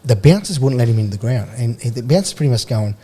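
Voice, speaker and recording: A man's voice: medium pitch, animated, fast talker, mellow, husky. An Australian man in his forties from Queensland, a guest on a podcast, telling rambling stories full of slang and laughter. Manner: rambling, laughs through anecdotes, blokey slang. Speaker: podcast guest, former rugby league player. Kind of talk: casual storytelling. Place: radio studio.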